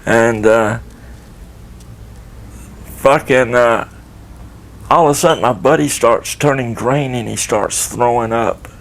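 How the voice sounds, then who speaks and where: Older guy with a gravelly, fry-heavy voice, rambling and cussing through a story. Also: mid-range voice, slow, pauses often. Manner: rambling, profane, laid-back. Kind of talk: casual storytelling.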